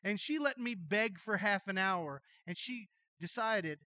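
A middle-aged man preaching a sermon as pastor, telling folksy jokey stories in an animated way. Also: sits high, unhurried, hardly any pauses, dry recording.

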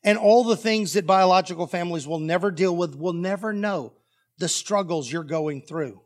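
A man's voice: sits high, normal speed. A man preaching a sermon as pastor, telling a story animatedly and acting out the dialogue.

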